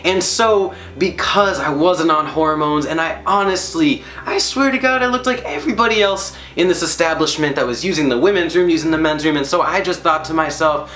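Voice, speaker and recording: A man with a slightly higher voice tells a funny personal story, animated and emphatic, piling up comic repetitions. The sound is roomy and echoey, as if he is on a stage in a hall. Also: brisk, hardly any pauses, faint music behind. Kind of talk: personal story told to an audience. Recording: echoey room.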